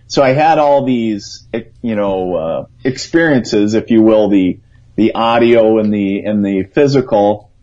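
Over dull lo-fi radio audio, a guest psychic on a call-in show tells a conversational story in a low, warm voice. He's earnest and rambling, voicing his own thoughts aloud as quotes.

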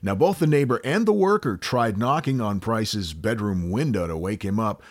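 Low-voiced American man telling a crime story. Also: normal speed. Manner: relaxed, joking, with frequent fillers. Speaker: podcast host. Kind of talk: casual true-crime storytelling.

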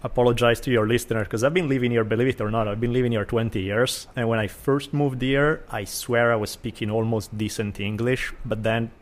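A man from Italy with an Italian accent, a guest author telling lively stories in a casual podcast chat. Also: mid-range voice, fairly quick, few pauses. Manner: animated storyteller, acts out quotes.

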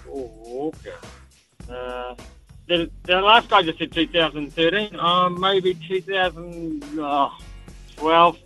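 A man calling in to a radio quiz, relaxed and easygoing. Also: fairly high pitch, slow pace, soft background music, poor audio. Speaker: caller.

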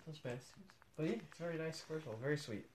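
Sarcastic young-sounding man with loud rants. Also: on the high side, rapid-fire. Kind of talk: casual chat reacting to ads.

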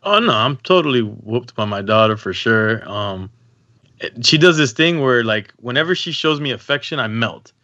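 A man chatting casually on a podcast, telling lively stories and swearing freely, often acting out other people in a squeaky falsetto. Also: normal speed, dry recording, dull audio. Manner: animated storyteller, acts out voices in high falsetto. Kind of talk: casual chat.

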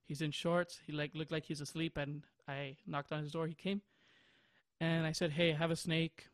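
A man's voice: a little high, level tone, normal speed, no echo, clean studio sound. A man in his twenties, hosting a podcast, chatting casually and telling a long rambling story with bursts of laughter. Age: 20s. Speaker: podcast host. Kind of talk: casual chat.

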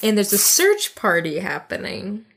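A woman's voice: medium pitch, huge pitch swings, unhurried, fairly bright tone. A woman in casual chat, retelling a film's plot in a loose, jokey, profane way. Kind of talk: casual chat recapping a film.

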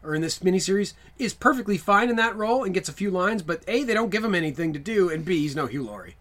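A man's voice: sits high, sing-song, fast talker, a bit bright. A man co-hosting a podcast, chatting casually, rambling and laughing often. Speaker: podcast co-host. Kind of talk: casual chat.

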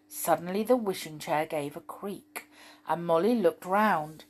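A woman reading a children's story aloud, gentle and expressive, with chatty asides. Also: on the low side, a little slow.

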